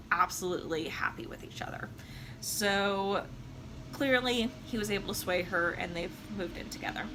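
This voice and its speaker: A woman's voice: mid-range voice, vocal fry, background noise. A tipsy woman casually recapping an opera plot with chatty, sarcastic asides. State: drunk. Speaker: opera reviewer.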